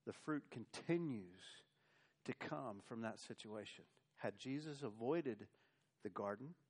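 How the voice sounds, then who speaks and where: A man's voice: medium pitch, darkish tone. Man preaching with rising intensity. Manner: preaching with rising and falling intensity, quoting scripture. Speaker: pastor. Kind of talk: sermon.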